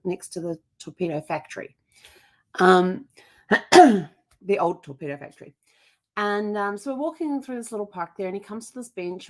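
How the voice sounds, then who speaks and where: A middle-aged woman telling a personal story on her vlog, chatty and rambling, with frequent restarts. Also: medium pitch. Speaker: family history vlogger.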